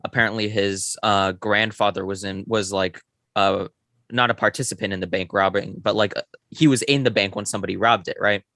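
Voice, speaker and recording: Young guy cohost rambling bout a movie, low-ish voice, really bright sound. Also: a little fast, no room sound, clean studio sound. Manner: rambling, excited, many fillers. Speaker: podcast co-host. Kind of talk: casual film review chat.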